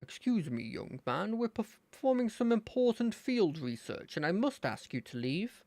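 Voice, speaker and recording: A streamer voicing a stern, stuffy older male professor from a fangame, low and formal. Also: very animated, normal speed, darkish tone, no echo, studio quality.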